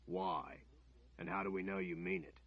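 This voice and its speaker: A hulking, commanding brute barks his orders in a gruff voice, as a male audiobook reader puts him on. The tone is low and husky, the recording dull and lo-fi. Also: level tone, normal speed, no echo. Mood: menacing. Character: big gruff brutish male captor, commanding. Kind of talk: audiobook character voice.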